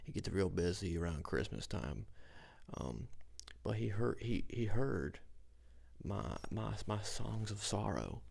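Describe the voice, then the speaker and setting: A man's voice: on the low side, expressive, slow pace, darkish tone, heavily acted. A man voicing a rambling former cowboy in a whispered role-play, his talk full of restarts and fillers. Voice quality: gravelly, husky whisper.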